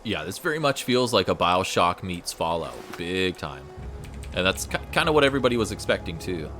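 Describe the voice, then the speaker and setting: Male gaming streamer, lowish voice, casual and rambling, game music behind. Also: big pitch swings, a little fast, sharp tone. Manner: laid-back, thinking aloud, repeats words. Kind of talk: casual gameplay commentary. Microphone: USB desk microphone.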